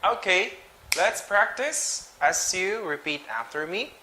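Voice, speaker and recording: A man teaching English pronunciation, reading sight words slowly and twice each, with short explanations. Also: high-pitched, lively intonation, noisy background. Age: adult. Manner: slow and deliberate, repeats each word twice with brief explanations.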